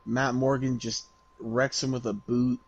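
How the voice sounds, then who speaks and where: A man's voice: mid-range voice, level tone, measured pace, lo-fi sound. A man co-hosting a podcast, casually explaining wrestling backstory with frequent laughs and swearing. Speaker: podcast co-host. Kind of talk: casual wrestling recap chat.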